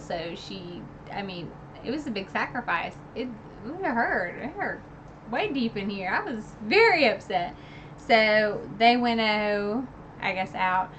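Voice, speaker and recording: A woman talks through a book's ending in a loose, chatty recap, slowly and with plenty of pauses. Her voice is bright and forward. She rambles from point to point with fillers and asides. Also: mid-range voice, a little hiss or hum, poor audio. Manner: rambling and chatty, full of "like" and "you know". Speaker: book reviewer streaming a recap. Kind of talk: casual book recap chat.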